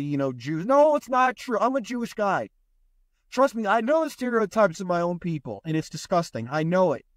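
Man, podcast host, high-pitched, profane ranting monologue, sarcastic. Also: dry recording.

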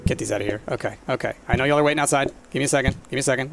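A man's voice: mid-range voice, rapid-fire, creaky, music in the background. A man, hosting his own channel and giving frantic, exasperated solo commentary over a cooking game. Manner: frantic, exasperated, says "y'all". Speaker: gaming channel host.

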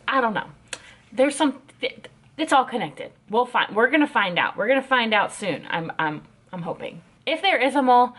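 A woman's voice: on the high side, fairly bright tone. A woman giving casual reaction commentary on an anime episode, ranting in an exasperated, sarcastic way.

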